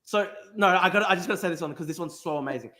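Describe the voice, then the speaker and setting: A man's voice: sits high, a crowd in the background. A young Australian man hosting a podcast, telling a story in casual chat with lots of restarts and swearing. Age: young adult. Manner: rapid, animated, with frequent restarts and swearing. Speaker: podcast host.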